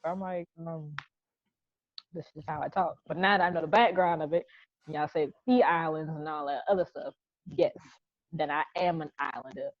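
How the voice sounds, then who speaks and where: Frank, low-voiced young woman from Charleston. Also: steady tone, moderate pace, no echo. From Charleston, South Carolina. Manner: frank storytelling, quotes others in voices. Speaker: podcast co-host. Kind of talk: casual group chat. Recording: dull, lo-fi podcast audio.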